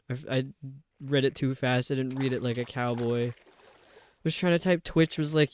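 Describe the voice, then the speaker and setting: A man's voice: medium pitch, fairly even intonation, moderate pace, no room sound. A man live-streaming a video game, rambling to his viewers as he puzzles over the level. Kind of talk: casual live-stream chat while gaming.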